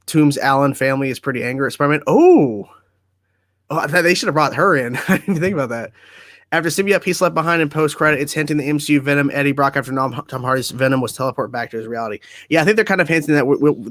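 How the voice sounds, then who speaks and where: A man's voice: mid-range voice, fairly bright tone, no room sound, clean studio sound. A man hosting a casual livestream from home, chatting easily and reading viewer comments aloud before answering them. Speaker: livestream host.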